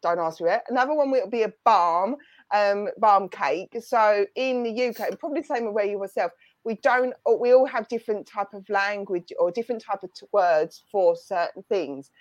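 A woman's voice: medium pitch, normal speed, dry recording. A woman with a London Essex accent, a guest medium chatting casually and explaining slang with laughter. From England. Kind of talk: casual chat on a livestream.

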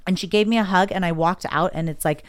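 Low-voiced woman telling a raw story. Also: fast, smooth. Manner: emotional, candid, quotes herself and others. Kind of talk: personal storytelling in conversation.

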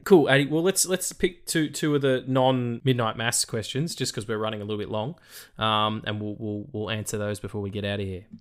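A man's voice: fairly low pitch, steady tone, brisk, hardly any pauses. A man hosting a casual film podcast, rambling and joking with plenty of ums. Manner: rambling, jokey, lots of ums. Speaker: podcast host.

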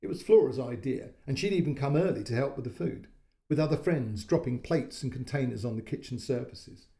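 Mellow-voiced male storyteller. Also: mid-range voice. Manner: calm and measured, with quoted lines voiced. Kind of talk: audiobook-style story narration.

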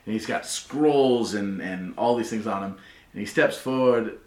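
A man narrating a tabletop game as game master, casual and loose, full of "like" and quick laughs. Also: lowish voice, a little mellow. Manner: casual, lots of "like", laughs often. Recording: roomy echo.

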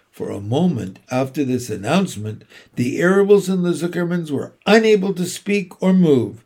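A man reading a children's book aloud, narrating slowly and deliberately. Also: a little high, lively intonation, darkish tone, husky. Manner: slow, deliberate storytelling.

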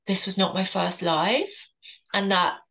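Gentle reflective English woman podcaster. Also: medium pitch, a little slow, low-quality recording. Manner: gentle, reflective, trailing off into restarts. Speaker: podcast co-host. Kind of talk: casual spiritual chat.

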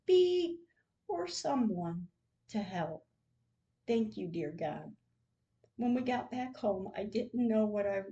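Woman reading diary aloud, slow and heartfelt, mellow tone, dull lo-fi sound. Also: medium pitch. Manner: slow, soft and heartfelt, with frequent prayers. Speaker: podcast host.

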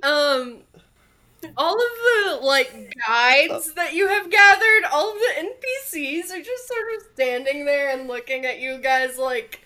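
A woman's voice: sits high, measured pace, sharp tone. A woman from the American South with a Southern accent, running a tabletop game in giggly, chatty banter. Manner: giggly, chatty, lots of filler "like". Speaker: game master. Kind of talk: casual tabletop game chat.

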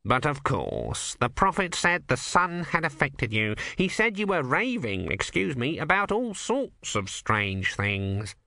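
A man's voice: a little high, very animated, measured pace, creaky, hardly any pauses, pushed and bright, no echo, clean studio sound, voice pushed up, full character voice. A man voicing a fussy, anxious male temple official who talks with hesitant "mm" sounds. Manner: fussing, hesitant, with "mm" fillers.

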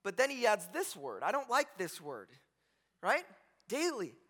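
A man's voice: high voice, huge pitch swings, unhurried, sharp tone. A male pastor preaching to his congregation in a conversational, joking style, often checking in with "right?". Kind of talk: sermon. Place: church sanctuary with a congregation. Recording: long reverb from a large hall.

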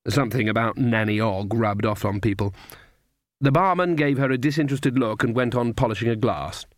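A man's voice: mid-range voice, fairly quick, dry recording. Man narrating an audiobook, dry and close. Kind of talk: scripted narration.

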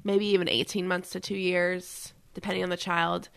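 A woman's voice: fairly low pitch, little pitch movement, normal speed, creaky, no echo. Chatty woman co-host, dry sound. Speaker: podcast co-host. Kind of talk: casual chat.

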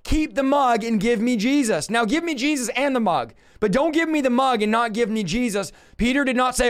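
A man preaching a fervent Bible teaching, impassioned, with rhetorical questions and bursts of shouting. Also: extremely high pitch, lively intonation, brisk, hardly any pauses.

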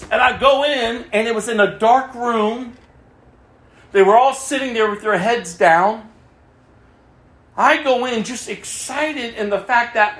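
A man with a notably high voice preaches his testimony with fervor. He swings from loud outbursts to low, hushed passages. The sound carries the echo of a reverberant room. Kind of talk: impassioned testimony sermon.

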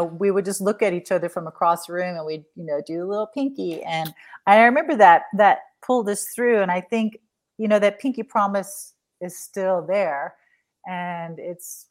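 A woman guest, a charity founder, telling an emotional personal story in a halting, soft-spoken way. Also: lowish voice.

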